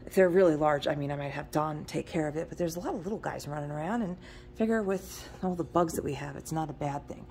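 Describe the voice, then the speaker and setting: A woman's voice: deep voice, fast, a little mellow, a little hiss or hum. A middle-aged woman touring an antique shop, chatting casually and rambling into asides between prices. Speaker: antique shop owner giving a tour. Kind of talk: casual walkthrough vlog.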